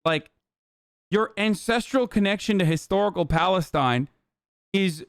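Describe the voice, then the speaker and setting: Young male streamer, pitched a bit high, smooth and clear, rants with constant swearing; dry close-mic sound. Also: measured pace, dry recording. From Turkey. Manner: profane, animated ranting. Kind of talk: casual live-stream commentary.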